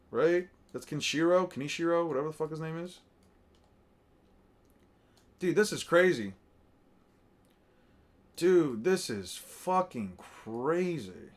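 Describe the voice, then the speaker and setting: A man with a slightly high voice talks loosely and profanely. He rambles and mutters names to himself as he reacts, in an offhand, unscripted way. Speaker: streamer reacting to artwork. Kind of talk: casual commentary.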